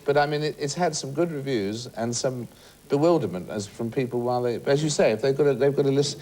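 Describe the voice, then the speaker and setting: A man, a chat show guest, telling anecdotes in a rambling way with halting restarts and laughs. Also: mid-range voice, warm tone, soft background music.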